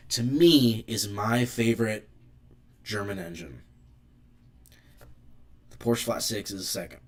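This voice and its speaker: A young man, hosting a casual live stream, opinionated and rambling as he reads chat aloud. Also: lowish voice. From United States.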